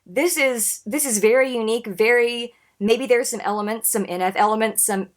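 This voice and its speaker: A woman in her thirties talks through a reaction video in a casual, earnest way, emotional and searching for words as she restarts sentences. Her voice sits a little on the high side. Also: moderate pace. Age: 30s.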